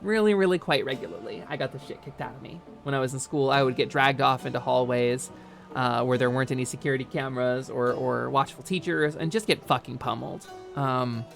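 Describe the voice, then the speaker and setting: Woman, North Jersey accent, gravelly voice, streamer talking frankly, faint game music behind. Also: rumbling low, brisk. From North New Jersey, United States. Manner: frank, rambling, many fillers and restarts. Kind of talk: candid chat during a game stream.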